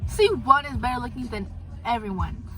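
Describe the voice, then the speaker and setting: Teen girl vlogging, high voice, gossipy chat about crushes. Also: brisk, sharp tone. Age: teens. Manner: chatty, gossipy storytelling. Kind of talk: casual chat.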